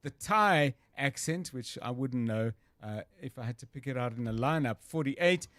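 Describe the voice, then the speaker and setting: A man's voice: medium pitch, animated, normal speed, a bit bright, dry recording. A man with a South African accent hosting a radio show, joking and teasing his co-hosts in casual chat.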